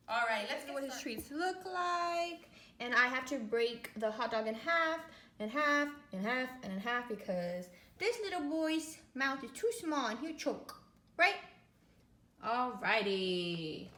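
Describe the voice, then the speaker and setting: High-voiced, affectionate woman vlogger. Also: bright, forceful tone. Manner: affectionate, playful, cooing at the dog. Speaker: vlogger and dog owner. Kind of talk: casual vlog, training a dog on camera. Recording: roomy echo with faint background hum.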